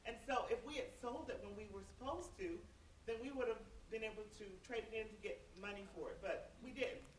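A woman's voice: mid-range voice, animated, brisk, slight background noise. Woman, chatty, church group sharing, echoey room, off-mic. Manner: chatty, laughing asides. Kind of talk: casual faith testimony. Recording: roomy, distant from the mic.

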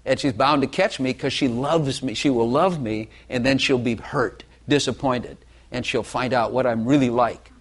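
An older man giving a personal testimony in an earnest, self-deprecating, halting way. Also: medium pitch. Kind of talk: confessional testimony talk.

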